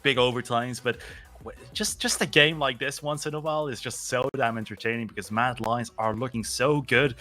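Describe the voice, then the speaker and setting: A man co-casting a live esports match, laid-back and quick to laugh, thinking aloud with fillers. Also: medium pitch, steady tone, sharp tone. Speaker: esports co-caster.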